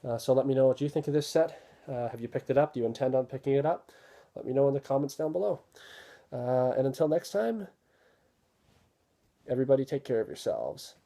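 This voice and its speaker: A man casually talking through an unboxing, relaxed and rambling with many fillers. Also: mid-range voice, fairly quick, creaky, pauses often. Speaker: video host reviewing a disc set.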